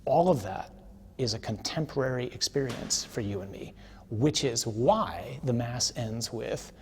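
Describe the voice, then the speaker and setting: A man giving a conversational teaching sermon, telling a story with casual tag questions and building to forceful emphasis. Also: mid-range voice, unhurried, a little hiss or hum.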